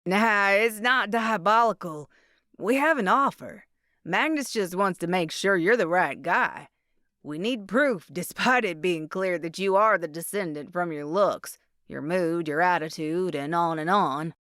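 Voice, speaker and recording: Brief: woman reading as a breezy American guy, jokey and relaxed, dry close sound. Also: on the low side, measured pace, dry recording. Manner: jokey, laid-back. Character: joking easygoing American man.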